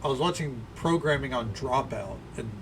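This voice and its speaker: A man's voice: mid-range voice, expressive, moderate pace, vocal fry, noisy background. A man, chatting casually and rambling while he streams a game. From American South. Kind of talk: casual livestream commentary.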